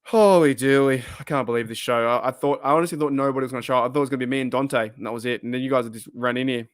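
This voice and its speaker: Racing along in a steady, medium-pitched voice with a touch of brightness, an Australian streamer in his thirties rambles and swears while responding to his chat. His voice is getting worn out. It's studio-quality audio, free of echo.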